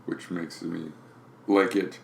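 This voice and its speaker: A man's voice: low-pitched, steady tone, slow pace, gravelly, slight background noise. A man co-hosting a podcast in casual chat, critical and opinionated. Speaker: podcast co-host. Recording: roomy echoey recording.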